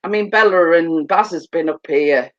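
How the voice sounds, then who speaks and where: A woman's voice: lowish voice, normal speed. A woman chatting casually with viewers on a live stream, telling funny stories and laughing often. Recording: dull lo-fi sound.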